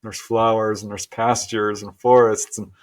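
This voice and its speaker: A middle-aged man as a guest, telling a personal story earnestly and with animated laughs. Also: on the low side, a little slow. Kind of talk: storytelling interview.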